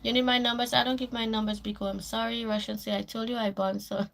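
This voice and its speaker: A woman's voice: on the high side, little pitch movement, quick pace, gravelly, fairly bright tone. A woman with a Caribbean accent hosting a casual morning livestream, chatting away as she reads viewer comments aloud and answers them. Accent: Caribbean English. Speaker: livestream host.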